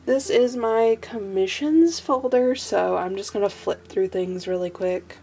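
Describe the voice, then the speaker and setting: A young woman, hoarse from allergies and short on sleep, rambling with ums and giggles as she flips through her sketchbook. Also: medium pitch, measured pace, dark tone. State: stuffy and losing her voice from allergies. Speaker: artist showing her sketchbook. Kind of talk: casual sketchbook flip-through vlog.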